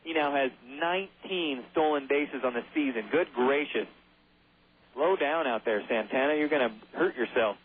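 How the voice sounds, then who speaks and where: A man calls a baseball game play-by-play at a mid pitch, keeping up a chatty stream with jokey asides between pitches. His voice comes through a thin, phone-like radio broadcast with no low end. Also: normal speed, slightly rough.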